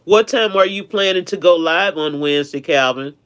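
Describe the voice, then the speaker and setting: A man with a fairly high, smooth and clear voice hosts a relaxed live stream. He chats warmly with his viewers and tends to repeat himself as he goes. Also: normal speed. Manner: chatty, affectionate, repeats himself.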